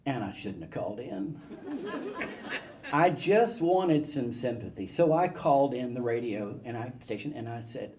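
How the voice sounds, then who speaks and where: A man telling childhood stories to an audience, animated and self-mocking. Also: mid-range voice, measured pace, slight background noise. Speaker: guest speaker. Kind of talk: storytelling talk to an audience. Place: event hall with live audience.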